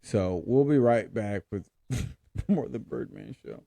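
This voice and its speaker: Exasperated low-voiced man hosting a podcast. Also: a little slow, gravelly, mellow, no room sound. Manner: exasperated, rambling, repeats himself. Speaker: podcast host. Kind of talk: casual podcast chat.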